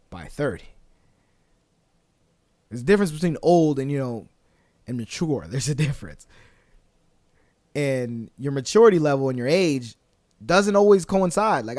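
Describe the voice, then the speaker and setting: A man in his late twenties hosting a casual solo podcast, talking earnestly with lots of fillers and restarts, his voice a little hoarse. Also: mid-range voice, darkish tone, no room sound, studio quality. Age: 20s. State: slightly hoarse voice. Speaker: podcast host.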